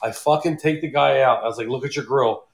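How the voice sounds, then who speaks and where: A man co-hosting a podcast, telling an animated anecdote in casual chat and swearing freely. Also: medium pitch, fast talker, creaky. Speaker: podcast co-host.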